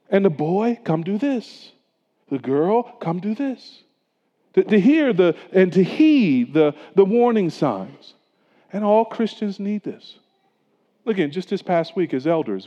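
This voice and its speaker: A male pastor preaching a sermon earnestly, dropping to a hush at solemn moments and rising for emphasis. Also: high voice. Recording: echoey church hall, dull lo-fi sound.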